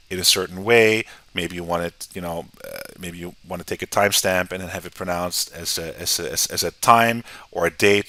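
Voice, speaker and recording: An American man giving a casual, conversational software tutorial, often checking in with "right?". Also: deep voice. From United States. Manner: relaxed, conversational, often tags sentences with "right?". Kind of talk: screen-recorded software tutorial.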